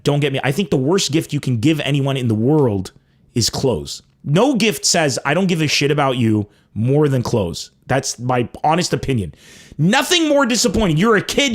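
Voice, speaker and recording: A young man hosting a comedy podcast, telling stories in a loose, animated way and swearing freely. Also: medium pitch. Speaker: podcast host. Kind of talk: casual comedic monologue.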